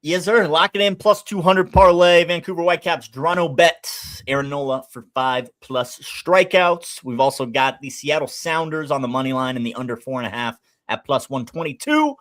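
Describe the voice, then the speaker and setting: A man's voice: fairly high pitch, moderate pace, few pauses, a bit bright. A man hosting a sports betting show, chatty and upbeat as he runs through picks for viewers. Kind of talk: casual sports betting talk.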